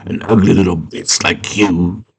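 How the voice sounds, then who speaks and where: A man's voice: sits low, fairly even intonation, measured pace, vocal fry, slightly rough, full character voice. A man voicing a cruel male goblin king who taunts with scorn. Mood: taunting.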